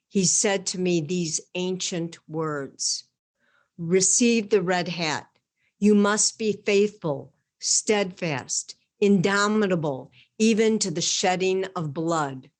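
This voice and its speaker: A woman guest reading a homily aloud in an earnest, measured way, rising to emphatic peaks. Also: on the low side.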